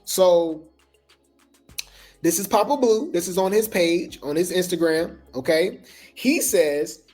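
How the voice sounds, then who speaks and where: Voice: medium pitch, slow pace, darkish tone, faint music behind. A gossip news host talking loosely in slang, full of fillers and restarts. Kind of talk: casual gossip commentary.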